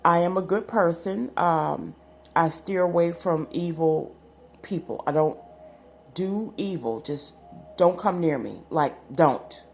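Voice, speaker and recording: A woman's voice: fairly low pitch, takes it slowly, gravelly, soft background music. A woman doing a casual general tarot reading to camera, chatty and self-assured, often repeating her phrases. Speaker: tarot card reader.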